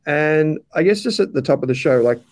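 A man's voice: on the high side, a little fast. An Australian man hosting a podcast, chatting casually and friendly, with frequent fillers. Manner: relaxed, friendly, says "mate" and "um" often. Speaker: podcast host. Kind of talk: casual interview chat.

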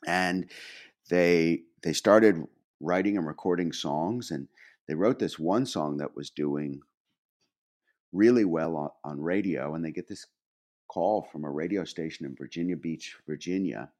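Man in his fifties, very deep voice, lively storytelling, laughs often, podcast guest. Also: measured pace. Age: 50s. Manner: animated, laughing anecdote teller with many restarts. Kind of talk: casual storytelling.

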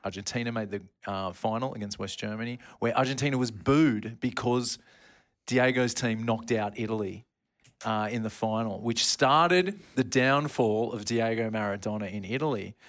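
Man, podcast co-host, casual sports storytelling, rambling, bright tense tone. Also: on the low side, moderate pace. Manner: rambling, laughs at own slips.

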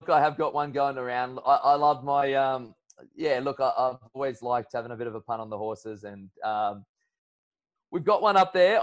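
An Australian man, a guest on a chat podcast, telling a story in a relaxed way, full of ums and restarts. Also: medium pitch. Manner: relaxed yarn-spinning with frequent fillers.

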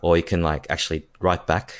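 A man co-hosting a casual tech podcast, halting and repeating words as he explains, laughing often. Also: low-pitched, little pitch movement. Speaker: podcast co-host.

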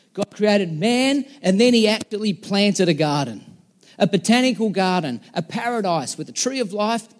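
A man preaching a conversational, emphatic sermon with dramatic pauses as a pastor. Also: high-pitched. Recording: long hall reverb.

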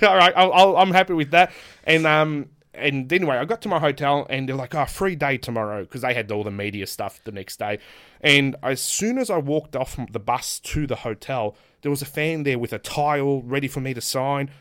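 A pro wrestler tells stories on a casual podcast in a medium-pitched, fairly bright voice. He laughs often and acts out quotes in different voices.

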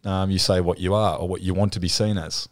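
Man, Australian accent, lowish voice, relaxed anecdote, hesitant, dry room. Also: quick pace, dry recording. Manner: easygoing storytelling with hesitations. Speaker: guest footballer. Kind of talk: casual chat.

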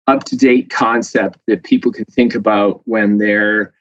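A man who is a professor, explaining things as a guest in a casual interview with a lively, chatty manner and many fillers. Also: fairly low pitch, unhurried, no echo. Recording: dull dry lo-fi sound.

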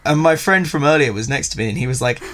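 A man's voice: medium pitch, animated, quick pace, a bit bright. A young man, telling a rambling, self-deprecating story as a podcast guest. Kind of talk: casual storytelling chat.

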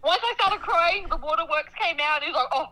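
Young woman, high and bright, animated dramatic storyteller in casual chat. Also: brisk, low-quality recording. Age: young adult. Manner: animated, dramatic storytelling with laughter and acted-out quotes.

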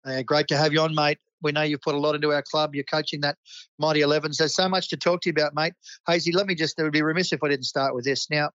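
A man's voice: a little high, fairly even intonation, fast, fairly bright tone, no echo. Australian male club host, enthusiastic mate-to-mate delivery, dry lo-fi recording. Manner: enthusiastic, matey. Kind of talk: community sports club roundup.

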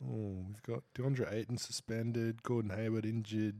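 A man co-hosting a podcast, reading out stats in casual chat with dry, deadpan crude jokes. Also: on the low side, moderate pace, dry recording. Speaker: podcast co-host.

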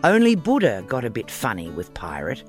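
A man narrating a children's audiobook story in an expressive, playful reading. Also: medium pitch, moderate pace, soft background music.

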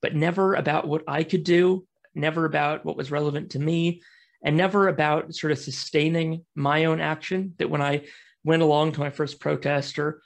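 An American man talks as a guest speaker in an online session, in a somewhat high, gravelly voice. He is chatty and self-deprecating, and he often restarts his sentences. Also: fairly even intonation, normal speed. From United States. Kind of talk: online talk presentation.

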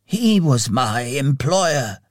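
A man voicing a remorseful old male miser who talks slowly and wistfully, reading a storybook. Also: mid-range voice, sing-song, no echo, studio quality.

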